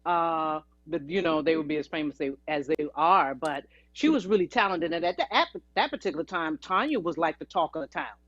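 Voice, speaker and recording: A woman's voice: sits low, fairly quick, hardly any pauses, a bit bright, dry recording. A woman guest, a singer and actress, telling chatty, anecdotal stories in an interview. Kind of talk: storytelling interview. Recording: dry, dull lo-fi audio.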